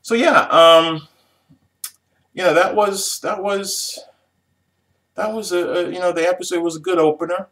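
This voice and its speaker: A man's voice: high voice, steady tone, measured pace, pauses often, a bit bright. A man casually recapping a TV episode for a review video, rambling, chuckling and restarting sentences. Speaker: TV show reviewer.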